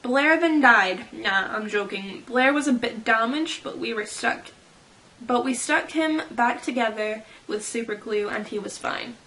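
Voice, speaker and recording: A fan vlogger chats casually, reading fan fiction quotes aloud and giggling over how people would react, giggly and playful. Her voice is a little high and sharp, at a measured pace.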